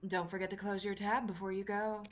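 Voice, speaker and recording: A woman's voice: medium pitch, flat delivery, slight background noise, lightly acted. A woman playing a mean old granny. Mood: menacing. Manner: mocking, slow and threatening. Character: mean, sharp-tongued old grandmother. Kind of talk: fan reading of a story with voices.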